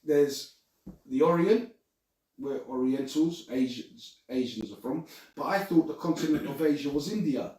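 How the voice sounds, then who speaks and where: Echoey, high-voiced sweary man. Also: a little slow, a little mellow. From Britain. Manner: sweary, laughing, stammering storyteller. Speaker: podcast host. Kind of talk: casual group chat. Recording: echoey room, mic at a distance.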